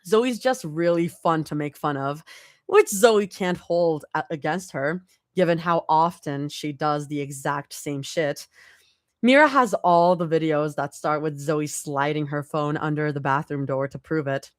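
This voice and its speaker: A woman's voice: low-pitched, a little slow, no room sound, studio quality. A woman doing a casual live reading of a story, with small slips and restarts. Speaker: fanfic reader.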